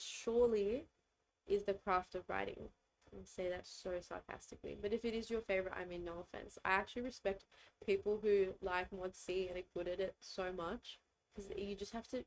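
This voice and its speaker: A woman's voice: mid-range voice, low-quality recording. A young woman giving a casual exam revision lecture, chatty and informal with lots of fillers and self-deprecating asides. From Australia.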